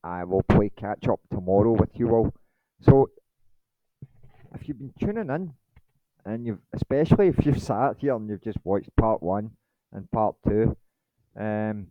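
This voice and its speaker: A man's voice: on the low side, clean tone, no echo, narrow, tinny audio. A man hosting his channel in a rambling late-night monologue, blunt and swearing, with many ums. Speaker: channel host.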